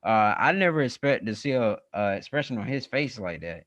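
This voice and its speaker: A man's voice: fairly low pitch, animated, brisk, a bit bright, dry recording. A man hosting a casual wrestling podcast, recapping matches in a rambling way with many fillers. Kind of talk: casual show recap chat.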